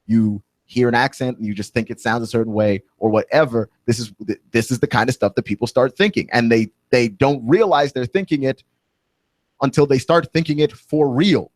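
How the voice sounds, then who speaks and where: Man, talk radio host, opinionated monologue, indignant, mid pitch, dry close studio mic. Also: no room sound. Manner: indignant, opinionated ranting with rising emphasis.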